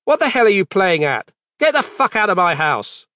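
A man voicing a frightened, angry father who shouts in a panic. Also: high-pitched, wildly swooping pitch, normal speed, vocal fry, slightly rough, no room sound, studio quality, voice pushed up, heavily acted.

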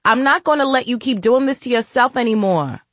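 A woman reads a pushy young sister who nags and scolds. Her voice climbs high and presses hard. The sound is dry and close-miked. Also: expressive, brisk, no echo. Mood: scolding. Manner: sharp, scolding.

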